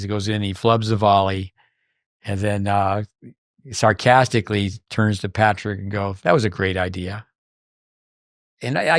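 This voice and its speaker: A man's voice: lowish voice, no room sound, clean studio sound. An older man hosting a podcast, telling long rambling anecdotes full of fillers and restarts in casual chat. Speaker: podcast host.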